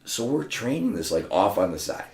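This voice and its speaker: A man's voice: lowish voice, moderate pace. A man guesting on a podcast, telling casual, profane stories and acting out what other people said. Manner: profane, animated, acts out other people's lines. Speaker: podcast guest, martial arts school owner. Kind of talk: casual anecdotal storytelling. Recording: roomy echo.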